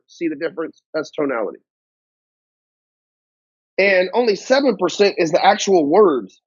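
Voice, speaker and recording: A man's voice: high voice, expressive, moderate pace, long pauses, slightly rough, dry recording. A male business coach giving a blunt, profane motivational talk to camera, full of slang and swearing. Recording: dull, dry lo-fi audio.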